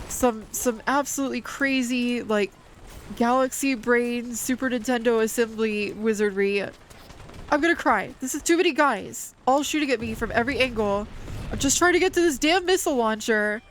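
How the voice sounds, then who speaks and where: An excitable woman on a gaming livestream, chatting to viewers while she plays and swearing freely. Her voice sits a little high. A faint hiss runs under the audio. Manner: excitable, swears often, talks to chat while playing. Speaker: VTuber streamer.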